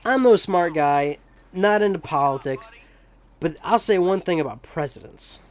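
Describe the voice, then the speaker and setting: Young male let's-player, slightly high voice, rambling and jokey, swears casually. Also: animated, moderate pace. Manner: rambling, joking, profane asides. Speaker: let's play commentator. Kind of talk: casual gameplay commentary.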